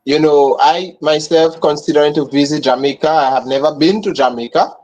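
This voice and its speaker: A man's voice: fairly high pitch, brisk, rough recording. A Grenadian man hosting a casual live interview, affirming his guest often, with many fillers and repeated words. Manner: friendly, warmly affirming, frequent fillers and repeats. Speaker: host.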